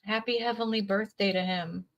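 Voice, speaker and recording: A woman's voice: mid-range voice, fairly even intonation, moderate pace, a bit bright. A woman reading tarot on a live stream, who repeats her phrases and reads viewers' comments aloud. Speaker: tarot reader.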